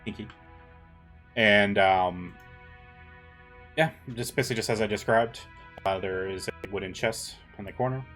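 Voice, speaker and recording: Low-voiced man running a tabletop game. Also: normal speed, long pauses, faint music behind. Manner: relaxed, joking, stumbles over rules text. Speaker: game master.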